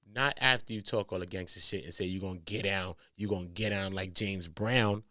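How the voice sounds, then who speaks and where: A man hosting a commentary show, talking in heavy slang, emphatic, jumping from loud outbursts to low mutters. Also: a little fast, no room sound, clean studio sound. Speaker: commentary host. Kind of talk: animated commentary.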